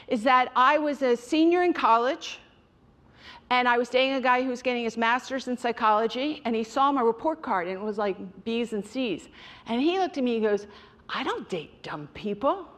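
A woman's voice: high voice, fairly quick, a bit bright. A middle-aged woman giving a direct, emphatic motivational talk on mindfulness to an audience she calls you guys. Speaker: mindfulness speaker.

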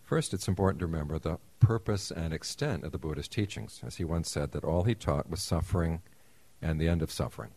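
Very deep-voiced man teaching Buddhism. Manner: relaxed, measured explaining with asides and small laughs. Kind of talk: Buddhist lecture.

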